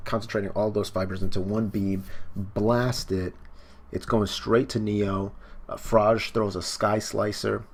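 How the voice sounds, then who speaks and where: Gravelly man rambling through a manga chapter. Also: deep voice. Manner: rambling, filler-heavy, swears casually. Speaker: manga reaction YouTuber. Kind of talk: casual manga chapter read-along.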